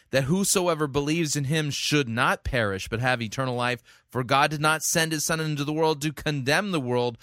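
A man commenting on a sermon recording in a conversational, animated way, often restarting his sentences. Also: mid-range voice, no echo, studio quality. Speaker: sermon reviewer.

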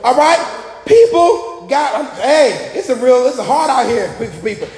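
A man preaching a lively sermon to a congregation, energetic and joking, often shouting out to the room. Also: extremely high pitch, a little slow. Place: church hall. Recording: echoey hall with long reverb.

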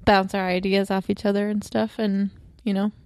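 A woman in her twenties co-hosting a home podcast with her husband, talking in a relaxed, giggly way full of "like" and "um". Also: medium pitch, moderate pace, clean tone, no echo, studio quality. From California. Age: 20s. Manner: laid-back, giggly, filler-heavy. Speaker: podcast co-host. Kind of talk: casual chat. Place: bedroom at home.

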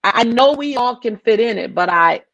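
Her fairly high, fairly bright voice has lively intonation and a moderate pace as the director talks earnestly in an interview. False starts and repeated phrases mark her emphatic, passionate delivery. The recording is dry with no echo.

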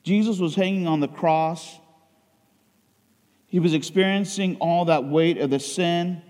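A man's voice: fairly high pitch, unhurried. Male preacher, raised tone, dramatic swings from cries to near-whispers, long church reverb. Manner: swings between loud emotional outcries and hushed intensity. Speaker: pastor. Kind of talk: sermon.

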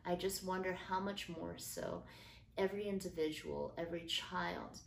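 A middle-aged woman hosting a podcast, talking earnestly and gently about parenting, with soft fillers and restarts. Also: on the low side. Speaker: podcast host. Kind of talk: casual faith-based parenting talk. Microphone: built-in phone mic. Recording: roomy phone recording with faint noise.

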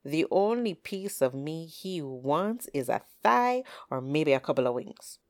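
A woman's voice: deep voice, lively intonation, a little slow, a little mellow, dry recording. Wary old hen voiced by a woman, dry, teasing, skeptical, storybook folktale voice.

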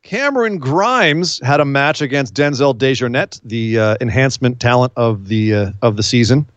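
A man co-hosting a casual wrestling recap, rambling and animated, often acting out what the wrestlers said. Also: mid-range voice, normal speed, no echo, highs cut off. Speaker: wrestling podcast co-host.

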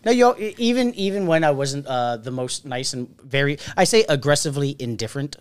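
A man's voice: on the high side, brisk, clear, resonant tone. A man hosting a casual podcast chat, blunt and joking, acting out quotes as he tells stories. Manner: blunt, joking, animated storyteller who acts out quotes. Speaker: podcast host.

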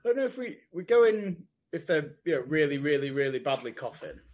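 A man's voice: on the high side, sing-song, brisk, a little mellow. A young man co-hosting a podcast who teases his friend and laughs often in casual chat. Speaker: podcast co-host.

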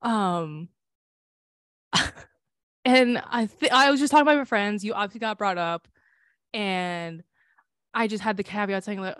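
A woman's voice: medium pitch, a little slow, pauses often, a bit bright, no echo, clean studio sound. A young woman co-hosting a podcast in casual chat, laughing often and swearing freely as she talks. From Philippines. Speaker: podcast co-host.

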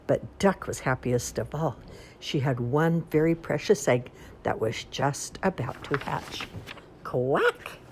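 A woman reading a children's picture book aloud in an expressive, sing-song way. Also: rumbling low, slow, slight background noise. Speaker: storyteller. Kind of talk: children's storybook read-aloud.

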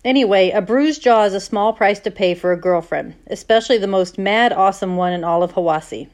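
A woman's voice: medium pitch, moderate pace, a little mellow. A woman teacher reading a novel aloud to her class in a plain, conversational way.

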